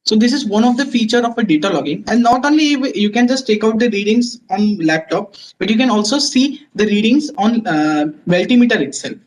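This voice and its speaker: A man's voice: sits high, animated, brisk, few pauses, poor audio. A man presenting a technical webinar, explaining test instruments step by step with frequent fillers and restarts.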